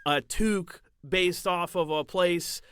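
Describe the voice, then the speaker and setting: A man's voice: high voice, slow, a bit bright, clean tone. A man co-hosting a podcast, joking around and laughing at his own gags. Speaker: podcast co-host. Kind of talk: casual podcast banter.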